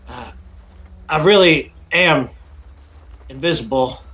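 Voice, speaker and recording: A man voicing a sly gnome man in a tabletop game, speaking softly and earnestly. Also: on the high side, slow.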